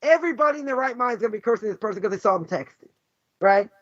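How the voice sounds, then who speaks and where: Racing along in a high voice with lively intonation, a man from Boston teaches a Torah class as a rabbi. He fires off rhetorical questions and keeps saying "right?" and "you know," all emphatic, captured in a dull lo-fi recording that's dry with no room sound.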